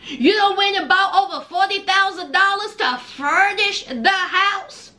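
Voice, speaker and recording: A woman giving sassy, animated casual commentary on a reality show, with folksy asides. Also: very high voice, unhurried, very noisy.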